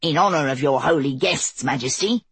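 A woman's voice: low voice, moderate pace, breathy edge, no echo. A woman voicing a playful male court magician who speaks in a theatrical, courteous way.

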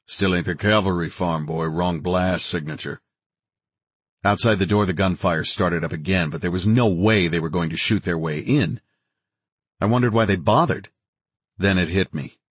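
A man narrating an audiobook in a steady, dramatic reading of scripted narration. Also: low-pitched, normal speed, husky, no echo.

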